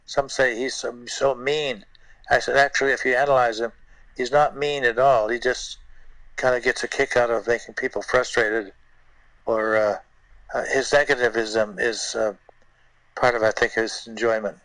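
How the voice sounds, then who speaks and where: An older man, a guest puppeteer, telling stories in an interview in a halting way, repeating words and using many fillers. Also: medium pitch, fairly even intonation, fairly bright tone, no room sound, poor audio. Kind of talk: anecdotal interview storytelling.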